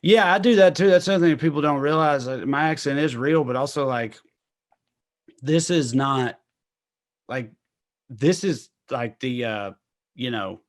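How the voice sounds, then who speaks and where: A man with a thick East Tennessee drawl talks loosely in a casual interview, drifting through asides and chuckling as he goes. His voice sits at an ordinary middle pitch for a man. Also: measured pace, long pauses. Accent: Southern US, East Tennessee. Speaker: comedian guest.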